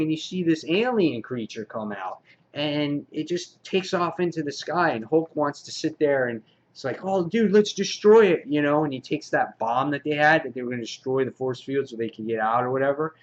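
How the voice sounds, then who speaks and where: A man giving a casual comic book review, with many "uh" fillers, getting excited as he retells the story. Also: on the high side, normal speed, lo-fi sound. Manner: frequent "uh" fillers, excitable retelling with quoted lines.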